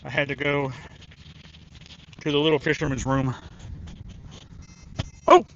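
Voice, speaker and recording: Excitable man narrating his fishing live. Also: fairly high pitch, unhurried, dull audio. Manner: excited, chatty, talks to the fish. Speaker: angler streaming a fishing tournament. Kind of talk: live-stream commentary. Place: outdoors by a river.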